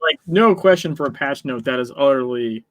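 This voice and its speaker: A man co-hosting a casual gaming podcast, animated and quick with asides. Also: mid-range voice, no room sound. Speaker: podcast co-host.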